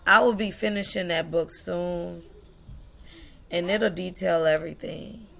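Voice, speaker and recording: A young woman shares a personal story, her voice gravelly with a bright edge. She talks slowly and unhurriedly, drifting between tearful and laughing. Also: lowish voice, slight background noise. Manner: emotional, laughing and tearful at times. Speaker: vlogger.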